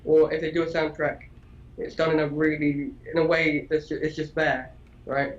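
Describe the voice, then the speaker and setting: A man with a somewhat high voice talks casually about video games on a podcast. He rambles, restarts his sentences and swears in passing. His mic sounds dull and lo-fi. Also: flat delivery, moderate pace. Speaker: podcast co-host. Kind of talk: casual gaming chat.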